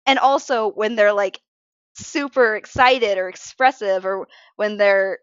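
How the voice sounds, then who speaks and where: With a mid-range voice, lively intonation and normal speed, a woman streamer talks casually while drawing; the recording is muffled but has no echo. Tired from little sleep, she rambles, interrupts herself, and speaks frankly about being emotional.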